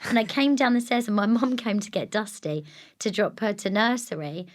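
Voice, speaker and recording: A woman, a lively guest chatting in an interview, acting out quotes and laughing often. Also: mid-range voice, normal speed. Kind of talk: casual interview chat.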